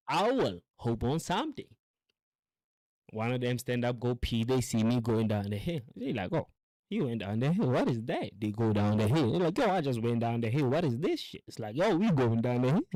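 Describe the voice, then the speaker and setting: Animated rambling profane male host. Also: mid-range voice, no echo, poor audio. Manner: acts out quotes in animated voices. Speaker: show host. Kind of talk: casual monologue.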